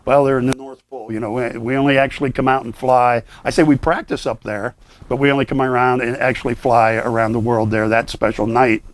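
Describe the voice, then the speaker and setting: A man's voice: mid-range voice, fairly even intonation, fairly quick. An older man who works as Santa, chatting casually with many fillers and restarts. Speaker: Santa performer guest. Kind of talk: casual chat.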